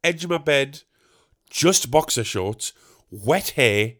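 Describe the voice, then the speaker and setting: A man's voice: medium pitch, slow pace. Young man telling a comic story. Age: young adult. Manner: animated, boastful, building to exasperated outbursts. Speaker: podcast host.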